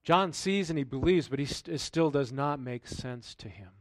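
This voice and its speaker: A male pastor giving a sermon, reading scripture aloud and then commenting in a relaxed, conversational way with rhetorical questions. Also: a little high, moderate pace, no room sound.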